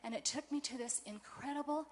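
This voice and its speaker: A woman giving a motivational convention speech, telling personal stories in a warm, emotional way. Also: high voice, fairly quick, a little hiss or hum. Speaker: convention speaker.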